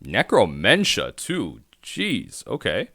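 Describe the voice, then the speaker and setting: A man's voice: fairly low pitch, huge pitch swings, slow pace, a bit bright, dry recording, studio quality. A man streaming a card game, thinking aloud in rambling self-talk as he plays. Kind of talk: live-stream gameplay commentary.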